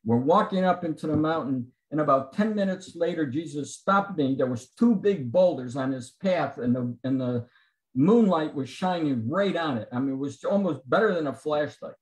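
A man's voice: a little high, expressive, normal speed, roomy sound, rough recording. A man telling his personal testimony to a Bible study group on a video call. He acts out the dialogue of the people in his story. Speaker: guest giving a testimony at a men's Bible study. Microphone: computer mic on a video call.

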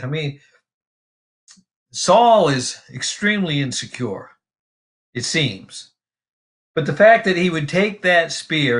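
A pastor teaching from the Bible in a relaxed, conversational way, reading verses aloud and pausing often with fillers and restarts. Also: male voice, medium pitch. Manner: casual and halting, many fillers and restarts; reads scripture aloud.

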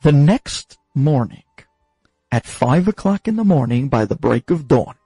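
Animated male storyteller, lively pitch. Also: slightly rough, no room sound, soft background music, rough recording. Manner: dramatic, expressive pauses. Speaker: rabbi storyteller.

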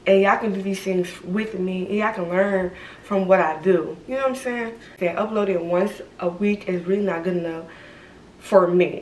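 A woman's voice: medium pitch, slight background noise. A young woman, rambling through a candid vlog at home, her speech slightly slurred by retainers. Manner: rambling, frequent "like" and "y'all". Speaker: vlogger. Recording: echoey room, distant mic.

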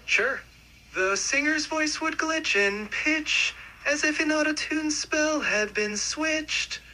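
A man's voice: very high voice, slow, pushed and bright. A man's voice from an AI assistant, obligingly performing requests in different styles. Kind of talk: synthetic voice demo performing requests.

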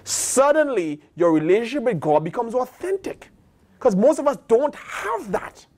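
A man preaching a sermon in a colloquial, animated way, acting out bits of dialogue. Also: extremely high pitch, moderate pace. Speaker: pastor.

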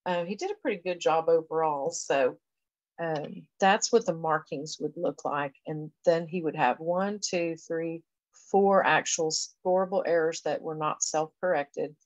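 Low-voiced woman explaining a lesson. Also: unhurried, dry recording, rough recording. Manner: conversational, explanatory, with frequent fillers. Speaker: education professor. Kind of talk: recorded lecture walking through a reading assessment.

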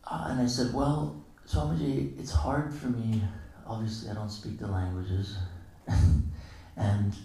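A man with a low, gravelly voice gives a temple morning lecture as a string of casual stories. He slips into the voices of the people he quotes and chuckles along the way. The sound is very reverberant and picked up from across the hall. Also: little pitch movement, a little slow, mellow. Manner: casual storytelling, acting out quoted dialogue with chuckles. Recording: very echoey hall, distant mic.

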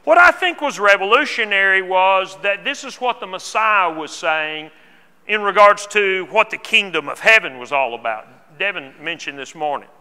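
Bright-voiced preacher man in a reverberant church. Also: high-pitched, animated, normal speed, smooth. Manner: earnest, repeats words when restarting. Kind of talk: sermon. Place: church auditorium. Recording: long hall reverb.

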